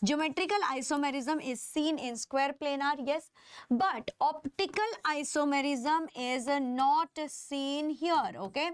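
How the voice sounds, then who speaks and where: The clip is studio quality with no echo: a high-voiced woman with an Indian English accent teaching live chemistry online. She stretches key terms for emphasis and keeps asking her students if they're following.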